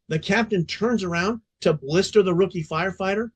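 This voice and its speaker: In a podcast interview, a middle-aged fire department veteran with a fairly high voice recounts a story at normal speed. He speaks bluntly and emphatically, swearing freely as a seasoned firefighter would.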